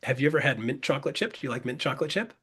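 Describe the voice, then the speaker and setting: A man's voice: medium pitch, lively intonation, fairly bright tone, slightly rough. A man leading a casual online coaching session, jokey and upbeat, who keeps checking in with the listeners and acts out little sales dialogues. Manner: jokey and upbeat, peppers points with "right?" and "guys"; acts out buyer and seller dialogue in quick back-and-forth. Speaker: webinar presenter and business coach.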